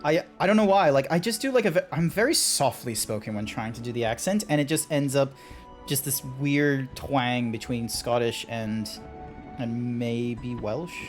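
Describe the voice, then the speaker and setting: A male streamer talks in a rambling, chatty way at an ordinary mid pitch, looping back through filler words as he plays. Faint game music sits underneath his voice. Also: normal speed. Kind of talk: casual live-stream chat.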